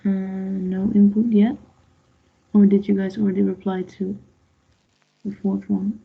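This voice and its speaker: A woman's voice: medium pitch, flat delivery, a little slow, vocal fry, slightly rough. A woman teaching a beginner's online language lesson, patiently explaining grammar and asking the class for answers. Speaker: Dutch teacher. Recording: dull lo-fi online class audio.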